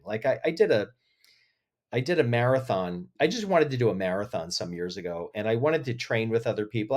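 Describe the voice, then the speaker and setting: A man speaking as a podcast guest, telling stories with feeling and lively emotion in an interview. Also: mid-range voice. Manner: emotional, animated storyteller. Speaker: podcast guest, agency head. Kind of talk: interview conversation.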